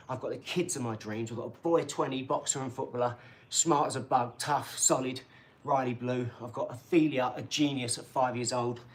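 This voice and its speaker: A middle-aged man chatting casually on his livestream, rambling from point to point and bragging with excitable energy. He sits at a middle pitch, and a faint hiss of noise runs underneath. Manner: rambling, boastful and excitable, with frequent tag questions. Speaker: channel host reading viewer comments.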